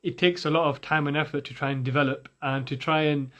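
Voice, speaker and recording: A man teaching Quran recitation, patiently breaking words into sounds and repeating them slowly for listeners to copy. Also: on the high side, steady tone, a bit bright. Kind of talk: tajweed lesson with slow demonstrations.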